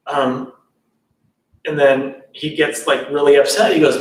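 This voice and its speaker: A man's voice: a little high, steady tone, a little slow, distant mic. A man telling a spiritual story in a loose, chatty way, in a temple hall.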